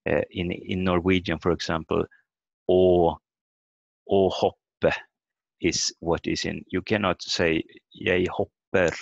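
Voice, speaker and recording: A man's voice: deep voice, vocal fry, a bit bright, no echo. A man teaching a language lesson over a video call, explaining step by step and sounding out words letter by letter. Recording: dull lo-fi video call audio.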